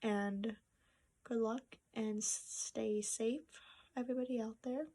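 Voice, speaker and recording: Slow, gravelly-voiced young woman vlogging. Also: on the high side, fairly even intonation. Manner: soft-spoken, halting, with restarts and sad pauses. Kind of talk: personal vlog to camera. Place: home room with a treadmill. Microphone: phone camera.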